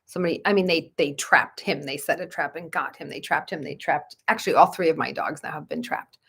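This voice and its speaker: A woman with a low, gravelly and slightly husky voice chats away on a home livestream at night. She keeps breaking off to coo to her dogs in a soft, fond baby talk. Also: brisk. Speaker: Reiki practitioner. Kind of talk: casual livestream chat.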